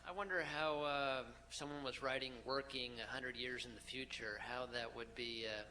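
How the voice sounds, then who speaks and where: A man's voice: medium pitch, fairly even intonation, normal speed, pushed and bright, a little hiss or hum, low-quality recording. A man in an audience asking a question hesitantly, stopping with fillers.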